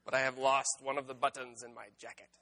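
A man voicing a fussy, grumpy male toad from a storybook, read aloud a bit higher than his normal voice. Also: flat delivery, quick pace, sharp tone, a little hiss or hum, natural voice.

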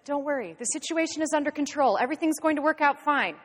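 Woman doing a flustered, pleading male assistant, raised pitch, echoey room. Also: quick pace, close to an everyday voice. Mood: urgent. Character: anxious male right-hand man to a mayor.

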